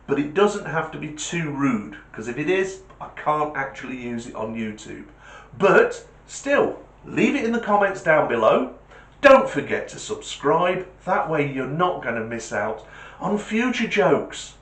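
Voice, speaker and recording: A man, hosting a comedy channel and telling jokes in an animated, punchy way. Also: a little high, a little slow. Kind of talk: joke telling. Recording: echoey room.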